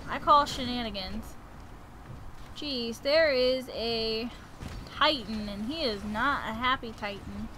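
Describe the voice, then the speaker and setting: A woman's voice: high voice, a little hiss or hum. A woman hosting a gaming channel, giving casual, jokey play-by-play commentary and yelping whenever she is in danger. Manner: excitable, jokey, yelps when in danger.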